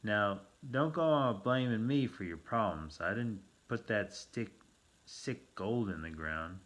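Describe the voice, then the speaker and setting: A man voicing a whiny, grumbling male mill man from the frontier West who talks in rough slang. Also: fairly low pitch, slow pace, fairly bright tone.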